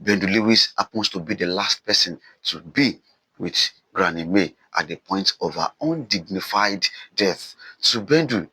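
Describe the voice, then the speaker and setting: Animated male literature teacher. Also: on the low side, husky, dry recording, rough recording. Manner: animated retelling, repeats phrases for emphasis. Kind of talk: novel summary lecture.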